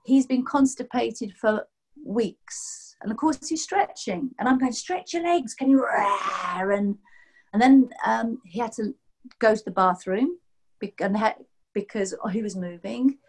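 A woman's voice: medium pitch, slow pace, creaky, husky. A woman in her sixties, a massage therapist, telling a rambling story on a video call and acting out what people said. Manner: lively, rambling, acts out quotes in voices. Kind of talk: casual storytelling chat.

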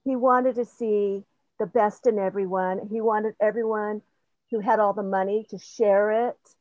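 A woman's voice: medium pitch, steady tone, unhurried, a little mellow, no room sound. An older woman sharing her personal experiences in a casual, rambling, earnest way, sometimes laughing at herself. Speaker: participant sharing in a group session. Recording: dull lo-fi audio, dry.

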